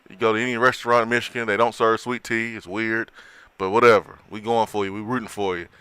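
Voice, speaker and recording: A man's voice: on the low side, little pitch movement, quick pace, pushed and bright, clean tone. A man hosting a casual sports talk show, chatting with a co-host, often repeating and restarting his words.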